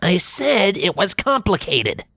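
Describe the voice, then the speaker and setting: A man voicing a gruff, tough young female griffin rebel who talks curtly and snappily. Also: sits high, big pitch swings, takes it slowly, sharp tone, voice pushed up, exaggerated voice. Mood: deadpan. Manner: curt and snappy.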